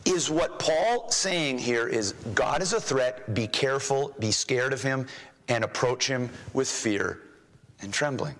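A man preaching a sermon as a pastor, emphatic, rising in pitch and volume when he reads scripture aloud. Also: lively intonation, unhurried, fairly bright tone, in a large hall, rough recording.

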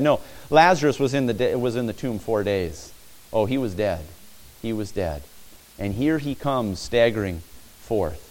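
A man's voice: lowish voice, animated, measured pace, darkish tone. A man preaching a sermon, retelling a scripture story vividly, asking listeners to picture the scene and repeating phrases for emphasis.

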